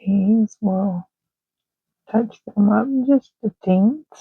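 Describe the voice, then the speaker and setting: A woman's voice: mid-range voice, very slow, husky, no echo. A woman, chatting and rambling casually while she colors, sometimes drifting into murmurs. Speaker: art channel host. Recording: tinny phone-like dry sound.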